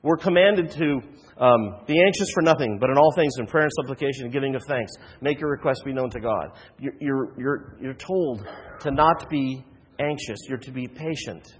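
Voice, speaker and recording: A man's voice: medium pitch, normal speed, breathy edge, long reverb tail. A man preaching a sermon as a pastor, earnest, with frequent restarts and rhetorical questions.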